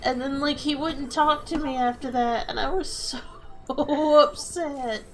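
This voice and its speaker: A woman's voice: sits high, unhurried, rough recording. A woman streamer in casual chat, telling embarrassing stories with lots of laughter. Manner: laughing storyteller, animated. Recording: faint music behind.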